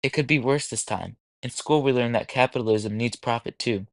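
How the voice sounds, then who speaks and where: A man reading lends his voice to a thin young factory worker who reasons things out earnestly. Her pitch stays mid and plain. The sound is dry and close. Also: a little fast, dry recording, close to an everyday voice.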